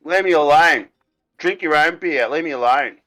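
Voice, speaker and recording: A man's voice: fairly high pitch, moderate pace, bright, forceful tone, dry recording, poor audio. A man voicing a rude, hostile woman drinking in a tavern, in a tabletop game. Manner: curt, hostile.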